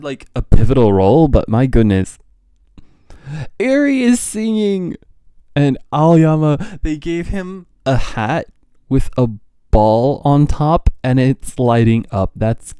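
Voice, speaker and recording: A young male streamer gives live reaction commentary in an unhurried, mellow voice. His tone is smooth and clean. The sound is dry and close. He reacts as an excitable fan, gasping, laughing and losing his train of thought. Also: mid-range voice, dry recording. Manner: excitable fan, gasps, laughs and frequent trailing restarts. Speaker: streamer reacting to a manga chapter.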